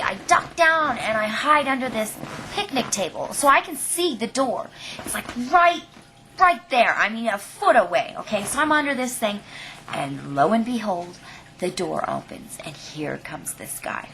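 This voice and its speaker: A woman's voice: a little high, normal speed, slight background noise. A young woman telling a funny personal story in a casual vlog, acting it out dramatically and often checking in with "okay?". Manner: animated, dramatic retelling with lots of "like" and "okay?". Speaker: vlogger.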